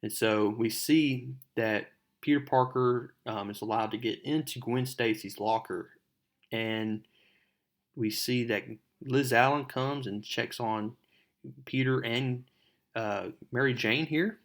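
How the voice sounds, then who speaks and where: A young adult man hosting his own show, recapping a comic book in a relaxed, chatty way with fillers. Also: medium pitch, slow pace.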